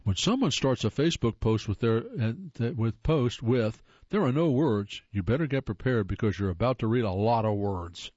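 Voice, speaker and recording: A man's voice: medium pitch, normal speed, hardly any pauses, a little mellow, dry recording, muffled recording. A man giving scripted comedic narration with a wry, playful delivery.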